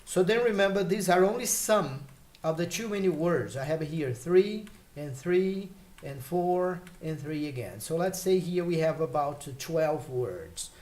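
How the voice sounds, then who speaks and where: A man teaching English vocabulary in a relaxed, explanatory way, pausing with fillers and checking in with "okay?" and "right?". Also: fairly high pitch. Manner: explains slowly with many fillers and check questions. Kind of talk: casual spoken lesson.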